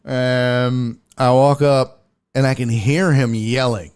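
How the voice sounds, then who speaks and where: A man hosting a show and telling a road story in a casual, animated, profane way, often restarting his sentences. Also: mid-range voice, takes it slowly, clear, resonant tone. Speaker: host and stand-up comedian.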